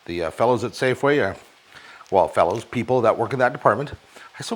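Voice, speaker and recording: A man's voice: mid-range voice, animated, a little fast. A man hosting a casual home cooking show from his kitchen, rambling and cracking jokey asides to the viewers as he cooks. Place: kitchen at a stove.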